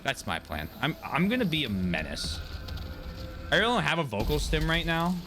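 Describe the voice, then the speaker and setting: A man's voice: a little high, sing-song, moderate pace, music in the background. A man chatting casually on a live game stream, joking, swearing and laughing often. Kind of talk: casual live-stream chat while gaming.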